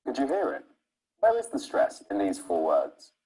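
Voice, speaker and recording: A man's voice: fairly low pitch, wildly swooping pitch, normal speed, warm tone, rough recording. A man teaching English pronunciation, stretching out syllables to show the stress. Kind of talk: scripted lesson narration.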